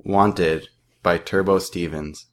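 A man in his twenties from Ontario, Canada, reading his own first-person story aloud with plain, steady delivery and small slips. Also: deep voice, takes it slowly, soft background music. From southern Ontario, Canada. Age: 20s.

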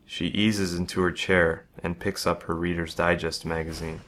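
A man narrating a first-person story in a measured, even reading. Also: sits low.

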